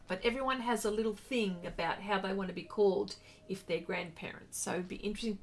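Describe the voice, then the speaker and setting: An Australian woman hosting a casual art livestream, chatting and answering viewer comments in a rambling, friendly way. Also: medium pitch. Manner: brightens and rises when greeting viewers.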